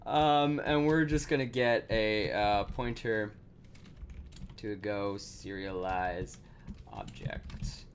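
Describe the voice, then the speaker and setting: Guy livestreaming code, slow rambly talk, swears a bit, quiet typing in the background. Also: on the low side, slight background noise. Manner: thinks aloud, rambling with fillers and self-corrections; swears casually and laughs at himself. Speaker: streamer coding live. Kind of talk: casual live coding stream talk.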